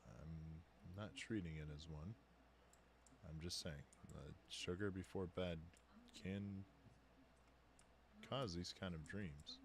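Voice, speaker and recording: A man's voice: low voice, fairly even intonation, slow, pauses often, slight background noise. A man voicing a blunt, sarcastic male vampire in a tabletop game, talking in an exasperated, swearing way.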